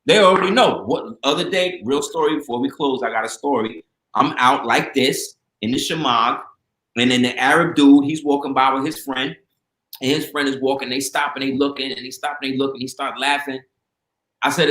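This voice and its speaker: Male guest, animated storyteller, mid pitch, roomy echo. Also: a little fast. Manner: animated storyteller, acts out quoted voices. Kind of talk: casual storytelling talk.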